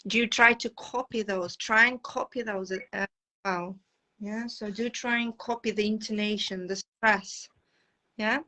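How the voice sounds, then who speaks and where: Brief: young female English teacher, crisp bright tone, emphatic, repeats key phrases. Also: mid-range voice, fairly even intonation, measured pace, rough recording. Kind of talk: conversational English lesson.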